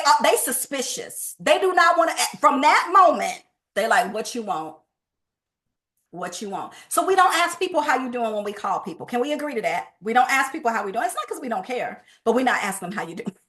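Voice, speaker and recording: A woman in her fifties giving a lively, preachy sales training talk, acting out phone calls as she goes. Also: high voice, quick pace, few pauses. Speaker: sales coach.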